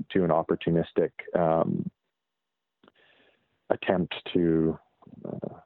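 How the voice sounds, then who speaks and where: Man, Canadian, lowish voice, measured talk, lots of fillers, tinny phone line, dry sound. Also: dry recording. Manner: measured, with frequent fillers and restarts. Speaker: guest wildlife expert. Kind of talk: casual interview over the phone.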